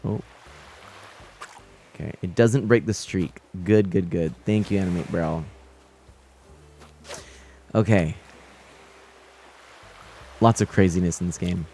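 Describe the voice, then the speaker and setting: A man with a somewhat low voice gives live commentary on a fishing game. He talks casually to his viewers, reading their messages and laughing often. Faint game music plays behind him. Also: takes it slowly, creaky, pauses often. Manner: chatty, reads out chat and greets viewers, nervous excited laughs. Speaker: game streamer.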